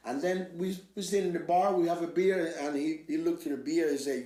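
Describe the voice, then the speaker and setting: An older man from Cuba with a Cuban Spanish accent, hosting an interview and telling lively stories, acting out the voices of the people in them. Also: moderate pace, few pauses, echoey room, far from the mic. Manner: acts out quoted voices with big swings in pitch and loudness. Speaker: host. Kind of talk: animated storytelling interview.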